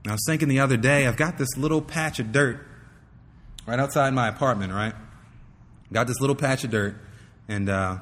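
A man's voice: mid-range voice, a little fast, long pauses, a bit bright, long reverb tail. A man preaching to fathers, teaching earnestly and telling a personal story. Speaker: pastor. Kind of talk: sermon.

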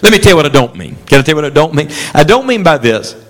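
Animated male preacher with lively pitch. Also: very fast. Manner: animated preaching with call-and-response. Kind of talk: sermon.

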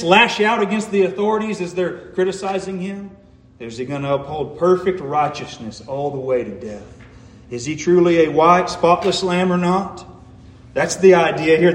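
A man's voice: a little high, reverberant, big-room sound. A man preaching a sermon as a pastor, asking the congregation one rhetorical question after another.

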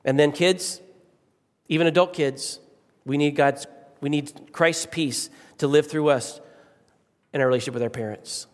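A middle-aged male pastor delivers a sermon in a church sanctuary, his fairly high voice fading into a long hall reverb. He is emphatic, leans heavily on repeated key phrases, and shifts pace and volume, moving from slow, stressed lines to quick asides.

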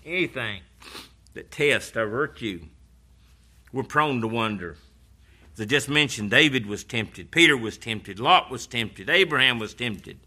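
A man delivers a sermon with a very bright, sharp-edged voice at an ordinary middle pitch. He preaches earnestly and conversationally, retelling scripture stories to his listeners.

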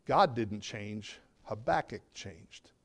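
A middle-aged man preaching a conversational sermon as pastor, dropping his voice low and quiet to drive points home. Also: lively intonation, slow pace.

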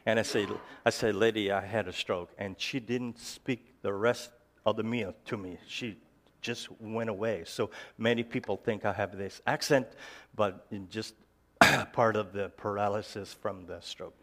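A man's voice: fairly low pitch, steady tone, a bit bright. A man giving a personal talk to a live audience, telling jokes and stories in a hesitant, slightly slurred way, with many restarts and fillers. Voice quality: slightly slurred, halting speech. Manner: jokey storytelling. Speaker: ministry founder giving a talk.

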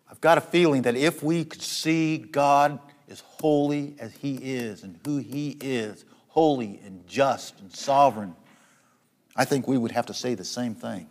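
A man preaching a sermon, rising to loud, high repetitions and dropping to soft, low passages, often restarting his phrases. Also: measured pace. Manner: repeats words and restarts phrases.

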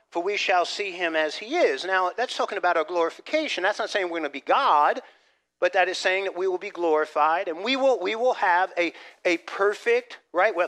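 A man preaching a sermon as pastor, animated, dropping from loud emphasis to soft asides and restarting phrases. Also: high voice. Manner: repeats words as he restarts phrases.

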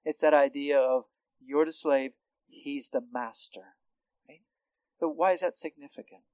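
A man teaches through scripture with a slightly raised pitch. He talks loosely, restarting phrases and checking in with "right?" The sound is dry and close, with no room echo. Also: a little slow, a little mellow. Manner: conversational, with frequent restarts and tag questions. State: hard of hearing. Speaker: Bible teacher. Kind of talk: expository Bible teaching.

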